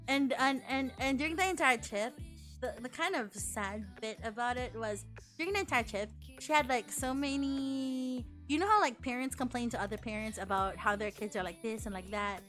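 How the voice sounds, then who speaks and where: Young woman, casual stream chat, high pitch, bright tone, faint music behind. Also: normal speed. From Philippines. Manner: chatty, swears a lot, restarts and acts out quotes.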